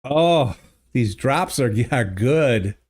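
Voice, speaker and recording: A man hosting a livestream, chatting casually and thinking aloud in a halting, easygoing way while playing a geography game. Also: medium pitch, expressive, darkish tone, breathy edge. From United States. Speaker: livestream host. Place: home streaming studio. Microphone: studio desk microphone.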